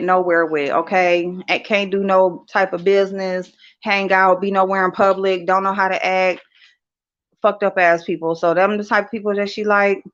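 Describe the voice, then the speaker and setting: A woman hosting a casual livestream, talking bluntly and profanely straight to her chat. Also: mid-range voice. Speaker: livestream host. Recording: dull lo-fi livestream audio.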